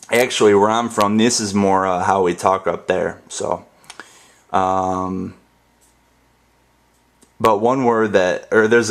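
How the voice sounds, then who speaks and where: A young man from the northern United States, rambling casually and jokingly through a dialect tag and spelling words out. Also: deep voice. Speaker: YouTube creator.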